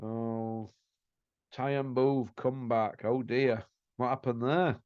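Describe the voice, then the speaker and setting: A man's voice: medium pitch, fairly even intonation, slow, clean tone, no echo, highs cut off. A man, hosting a casual show and ranting bluntly and scornfully. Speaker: host.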